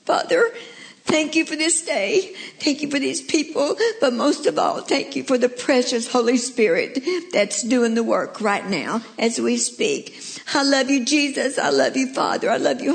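A woman's voice: high voice, animated, measured pace, creaky. A woman preaching a heartfelt sermon as a radio preacher, telling stories and reading a poem. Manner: storytelling, heartfelt.

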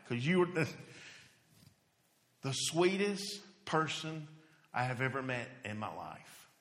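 A man, a hospice chaplain preaching a sermon, telling a story in an animated way that sinks to a hush at its most tender points. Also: fairly high pitch, slow, long pauses. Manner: storytelling, animated, drops to near-whisper at emotional points. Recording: long hall reverb.

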